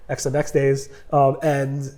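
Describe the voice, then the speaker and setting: A man's voice: medium pitch, monotone, a little slow, dark tone. A man hosting a casual vlog, talking on the road and then chatting with a guest, with lots of fillers and jokes. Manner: chatty, filler-heavy, joking. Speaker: vlog host. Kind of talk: casual vlog talk and interview. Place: driving in a car, then indoors at an office.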